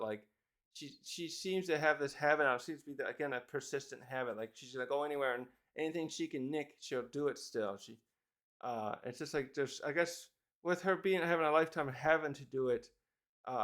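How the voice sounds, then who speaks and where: A man's voice: mid-range voice, fairly bright tone. A man giving a casual, rambling chapter review, thinking aloud and correcting himself as he goes. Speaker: manga reviewer.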